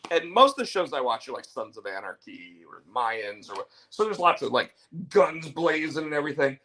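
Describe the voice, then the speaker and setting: A man's voice: a little high, big pitch swings, a little fast, few pauses, sharp tone, rough recording. A man hosting a casual talk show, telling stories with lots of fillers and restarts. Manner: rambling storyteller, many fillers and restarts. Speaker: show host. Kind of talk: casual chat.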